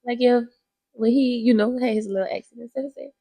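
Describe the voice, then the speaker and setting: A woman co-hosting a podcast, speaking. Her voice sits a little high and has a husky, breathy edge. She speaks softly and often chimes in with short remarks. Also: steady tone, fairly quick. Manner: soft-spoken, chiming in briefly. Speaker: podcast co-host. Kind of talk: casual chat.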